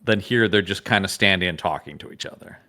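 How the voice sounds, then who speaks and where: A man's voice: low-pitched, fast talker. A man co-hosting a podcast, chatting casually about a comic and laughing often. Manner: animated, laughs often, frequent restarts. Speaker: podcast co-host. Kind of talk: casual comic book discussion.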